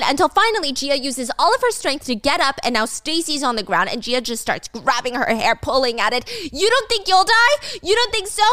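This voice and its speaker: A woman's voice: high-pitched, bright, forceful tone, no room sound. Chatty woman recapping a drama. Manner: chatty, blunt, swears casually. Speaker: host.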